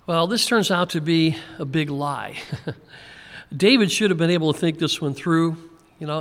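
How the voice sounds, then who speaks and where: Chuckling preacher in a reverberant hall. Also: male voice, a little high, a bit bright. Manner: conversational, chuckles often, repeats words when restarting. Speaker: pastor. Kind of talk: verse-by-verse Bible teaching.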